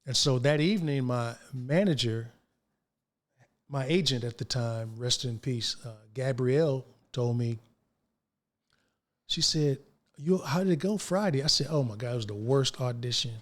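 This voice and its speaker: An older man guesting as an actor speaks unhurriedly in a medium-pitched voice, telling stories in a casual interview. He brings quoted dialogue to life in a lively, slangy way.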